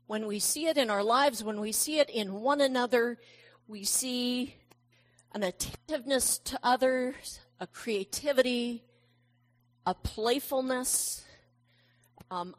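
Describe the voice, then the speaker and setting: A middle-aged woman preaching a sermon at an unhurried pace. Her voice sits a little high, and she speaks gently and reflectively, slipping into warm personal stories.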